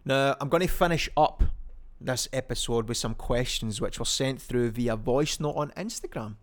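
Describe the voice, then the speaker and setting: A man's voice: medium pitch, normal speed. A young Scottish man hosting a podcast, chatting casually on his own and rambling with plenty of ums and restarts. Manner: chatty and rambling, lots of ums and self-corrections. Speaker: podcast host. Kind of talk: casual solo podcast chat.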